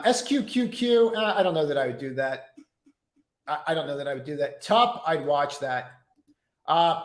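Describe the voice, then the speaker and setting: A man's voice: medium pitch, echoey room. A man hosting a live stock trading stream, chatting casually with viewers by name and using many fillers as he walks through charts.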